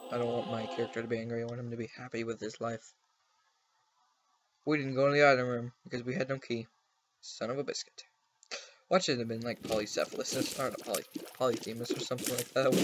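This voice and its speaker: A young man casually commenting on the video game he is playing, chatty and goofy, talking to his pets at home. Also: medium pitch. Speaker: gaming channel host. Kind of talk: casual let's play commentary. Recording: noisy home recording.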